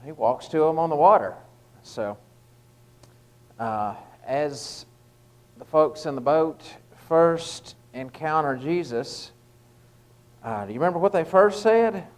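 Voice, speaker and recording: A man's voice: a little high, lively intonation, takes it slowly, rough recording. A man giving an informal evening devotional talk, conversational and stopping often with fillers and restarts. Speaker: lay preacher giving a short devotional.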